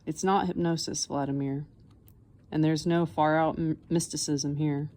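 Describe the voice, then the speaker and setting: A wise old man speaks softly and patiently, voiced by a woman reading the story aloud. The voice sits low and mellow, with an unhurried, gentle way of explaining. It reads as a calm elder in a spoken storybook. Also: close to an everyday voice.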